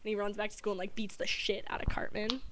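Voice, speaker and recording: A woman's voice: mid-range voice, little pitch movement, fast, very noisy. A woman vlogger chatting casually, rambling and giggling as she retells a cartoon episode. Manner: rambling, giggly, lots of fillers.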